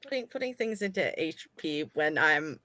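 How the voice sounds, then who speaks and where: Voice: mid-range voice, animated, moderate pace, pushed and bright, no echo. A player in a tabletop role-playing game, chatty and laughing often.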